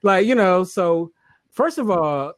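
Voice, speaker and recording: A man's voice: high voice, lively intonation, slow, dry recording. Laid-back male livestream host, dry close sound. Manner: laid-back, slangy, laughs often. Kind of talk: casual livestream chat.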